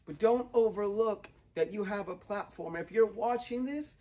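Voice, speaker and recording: Young guy preaching outside, kinda high voice, earnest, gets fired up at points. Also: moderate pace, mellow, rough recording. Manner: earnest, builds to fervent emphasis. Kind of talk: sermon. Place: outdoors. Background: dog barking, wind.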